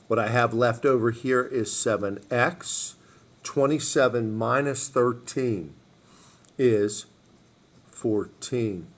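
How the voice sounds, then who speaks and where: A man's voice: mid-range voice, takes it slowly. Man walking through math steps. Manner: step-by-step, repeats phrases, frequent "okay?" check-ins. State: hiccups. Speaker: math teacher. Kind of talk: recorded math lesson walkthrough.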